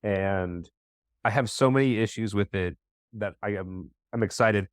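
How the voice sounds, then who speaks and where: A man's voice: fairly low pitch, measured pace, no echo, clean studio sound. A man appearing as a podcast guest in casual chat, hesitant and heavy on fillers as he builds his argument.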